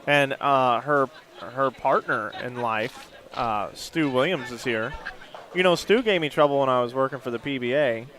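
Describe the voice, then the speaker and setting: A man's voice: mid-range voice, moderate pace, a bit bright. Chatty male bowling commentator. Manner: chatty, rambling storyteller. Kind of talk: live sports commentary. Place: commentary booth at a bowling center.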